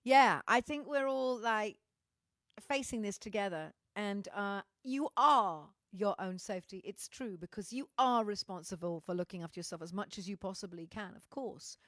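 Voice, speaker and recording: A woman's voice: mid-range voice, moderate pace, fairly bright tone, no room sound, clean studio sound. A middle-aged woman with a Welsh accent, a musician chatting candidly to live viewers, swearing freely and often restarting her sentences. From Wales. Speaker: musician hosting a livestream. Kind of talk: casual chat to live viewers.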